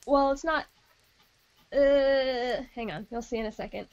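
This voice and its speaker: A woman's voice: high-pitched, measured pace, darkish tone, clear, resonant tone, lo-fi sound. A woman taking part in a tabletop game, chatting casually in a hesitant way. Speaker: player. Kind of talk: casual chat.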